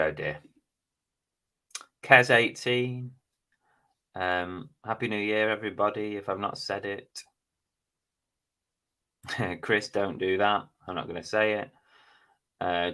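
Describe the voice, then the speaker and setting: Chatting on a casual stream, a middle-aged man reads out the names and comments of his viewers. His low-sitting voice sounds pushed and bright.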